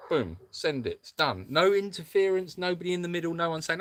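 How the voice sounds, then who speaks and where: A man co-hosting a live stream from an animal sanctuary, who talks in a rambling, jokey, animated way. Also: fairly high pitch, fairly quick, hardly any pauses, no room sound. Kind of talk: casual live-stream chat.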